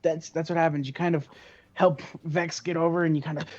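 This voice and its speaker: Give me a higher-voiced man narrating a tabletop game with lots of fillers, on a dull lo-fi recording. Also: level tone, brisk, a little mellow. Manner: loose, hesitant narration with many fillers. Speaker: game master.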